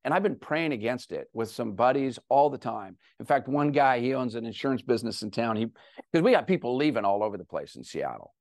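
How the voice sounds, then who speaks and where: A middle-aged man giving a talk to an audience, telling a personal story with animated, self-deprecating humor. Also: medium pitch, brisk, dry recording, studio quality. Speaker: guest speaker.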